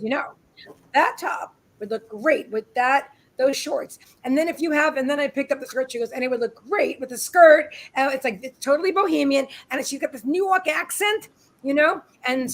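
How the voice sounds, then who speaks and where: A high-pitched woman chatting on a live video stream from her home. She tells stories in a rambling, friendly way, full of restarts and asides, with the easy tone of a regular co-host. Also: fairly bright tone, low-quality recording. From United States. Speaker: co-host of a live psychic reading show. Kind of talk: casual live-stream chat. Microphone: webcam on a live video stream.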